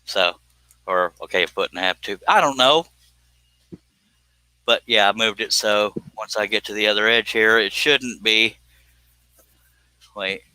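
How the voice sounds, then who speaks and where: A man's voice: lowish voice, unhurried, long pauses, sharp tone, clean tone, dry recording, low-quality recording. A man, hosting a live stream and chatting casually while he works, rambling and self-deprecating.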